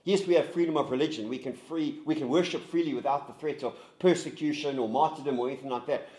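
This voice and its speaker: A man, a pastor leading a group discussion in an earnest, halting way with many restarts. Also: a little high, darkish tone, roomy sound. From South Africa. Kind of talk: recorded group discussion guide.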